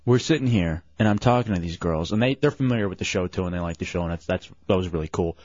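Deep-voiced and darkish in tone, this male radio host talks at a quick clip, bantering playfully with his crew and callers on a casual morning show. He laughs often and reads out the phone number. His studio microphone captures a dry, dull lo-fi broadcast.

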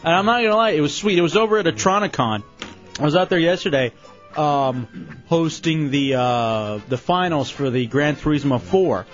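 A man hosting a radio show in casual, animated banter, quick to tease and laugh. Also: on the high side. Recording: dull lo-fi radio recording with faint music.

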